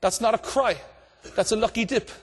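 High-voiced preacher in a reverberant hall. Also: male voice, moderate pace, noisy background. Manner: impassioned, preaching with rising shouts. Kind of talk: evangelistic sermon.

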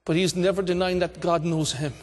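A man preaching an impassioned evangelistic sermon, calling out and shouting to a congregation. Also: high voice, fairly even intonation, brisk. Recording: long hall reverb.

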